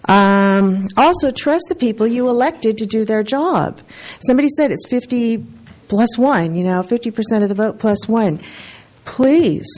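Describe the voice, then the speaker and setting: A woman's voice: medium pitch, a little mellow. A middle-aged woman, the outgoing mayor, giving an earnest, heartfelt farewell speech in a council chamber. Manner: heartfelt, earnest, close to tears.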